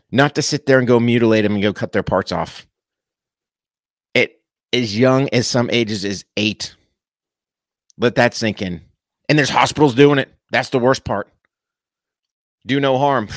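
A man delivering an impassioned, preachy monologue straight to his viewers, punching key words with sudden pitch jumps and dropping into casual slang. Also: no echo, studio quality. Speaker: political commentator addressing viewers. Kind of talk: impassioned direct-to-camera monologue.

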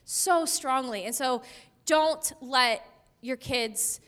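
A woman's voice: high-pitched, slow, a bit bright, clear, resonant tone. A woman in her thirties giving a conversational sermon in a chatty way, laughing often and using many fillers. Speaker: pastor.

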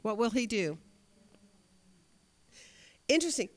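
A woman's voice: on the high side, big pitch swings, takes it slowly. A woman teaching a Bible study class, asking her students questions and reading scripture aloud.

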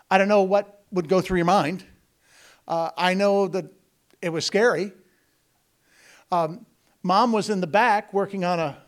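Male missionary speaker with a high voice. Folksy, joking storyteller who talks straight to the congregation. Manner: folksy, joking, digressive, addresses the congregation directly. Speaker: missionary telling his story to a church. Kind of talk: storytelling sermon.

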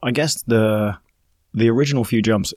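A man's voice: mid-range voice, normal speed, a little mellow, dry recording, studio quality. A man in his forties, a podcast guest telling stories in a self-deprecating way. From United Kingdom. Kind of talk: storytelling in conversation.

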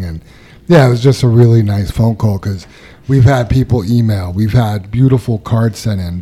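A man hosting a casual workplace podcast, reading out anniversaries and birthdays and telling stories in a relaxed way. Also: lowish voice. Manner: relaxed, reads out announcements. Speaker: podcast host.

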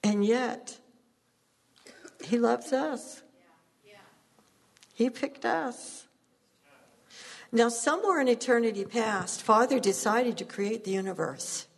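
A woman's voice: a little high, slow pace, vocal fry, long pauses, husky, big-room sound. A woman preaching a sermon, telling stories earnestly and laughing at herself now and then.

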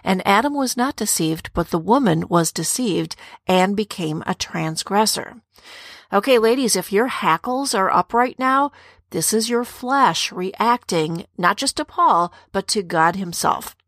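A woman's voice: medium pitch, expressive, unhurried, a bit bright, no echo, clean studio sound. A middle-aged woman hosting a Bible teaching podcast, speaking earnestly straight to women listeners and asking rhetorical questions. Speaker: podcast co-host teaching on scripture.

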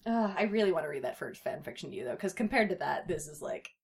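A woman on a comedy podcast, chatting casually and breaking into laughter as she reads fan fiction out loud. Her pitch swings widely through each sentence, lively and playful. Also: quick pace, gravelly. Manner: laughing, mock-dramatic reading. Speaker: podcast co-host reading fan fiction aloud. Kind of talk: casual chat and comic read-aloud.

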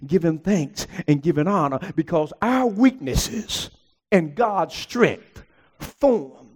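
A man preaching a sermon as pastor, climbing into high shouted peaks and calling out to the congregation.

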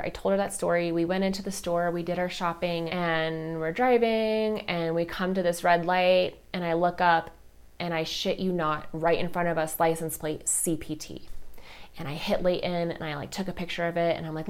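Soft-spoken woman telling a personal story. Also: lowish voice, fairly even intonation, normal speed, clear, resonant tone. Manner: chatty, heavy use of "like" and "you know"; soft and tender when talking about grief. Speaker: podcast host.

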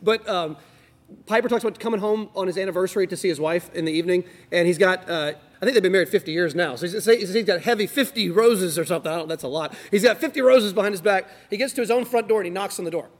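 A man leading a church class, telling stories in an energetic, emphatic way. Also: sits high, fast talker. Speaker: class leader. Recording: reverberant hall.

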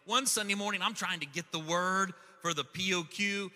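Excitable high-voiced pastor in an echoing hall. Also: male voice, normal speed. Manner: storytelling, excitable, repeats words when starting. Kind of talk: sermon. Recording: long hall reverb.

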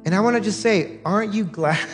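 A man preaching a sermon as pastor, repeating lines and building to shouts. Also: sits high, fairly quick, faint music behind.

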